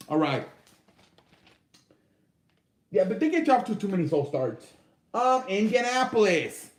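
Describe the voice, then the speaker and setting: A man's voice: very high voice, expressive, moderate pace, roomy sound. A man casually ranking football teams on his own show, loose and profane, with lots of fillers. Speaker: sports show host. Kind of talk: casual sports commentary.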